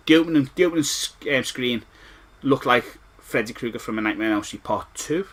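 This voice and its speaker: A man with a Scouse accent gives an old game review in a bright, forceful voice. He rants and swears without restraint. He rambles and repeats himself as he goes. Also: mid-range voice, fairly quick. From Liverpool, England. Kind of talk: ranting retro game review.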